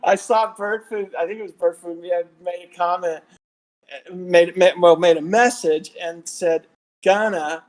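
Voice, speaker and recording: On a low-quality recording, a man with a high voice speaks at a measured pace with fairly even intonation. He's a Southern American podcast guest with a Texas accent, spinning rambling stories in casual conversation with many restarts.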